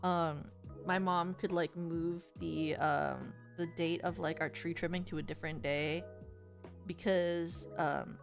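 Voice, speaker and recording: A woman's voice: lowish voice, fairly even intonation, takes it slowly, gravelly, soft background music. A woman streamer chatting casually to her viewers in a rambling way, with many filler words.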